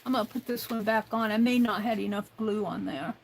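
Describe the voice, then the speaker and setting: A woman's voice: medium pitch, creaky, rough recording. A woman hosting a craft livestream, musing aloud as she works and now and then talking to herself in the third person. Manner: unhurried, musing aloud while working with hands. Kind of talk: casual craft demonstration.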